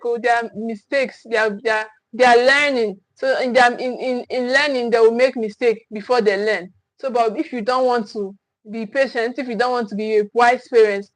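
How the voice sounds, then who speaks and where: Woman, parent coach, emphatic and repetitive, slightly high voice. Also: dry recording, poor audio. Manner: emphatic, repetitive restarts, acts out scolding parents. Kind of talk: teaching talk to camera.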